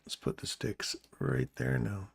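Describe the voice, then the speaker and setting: A man quietly thinking aloud while commentating his live trades as a streamer, talking into a desk mic. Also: very deep voice, lively intonation, a little slow, gravelly, breathy edge, dry recording. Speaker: trading streamer.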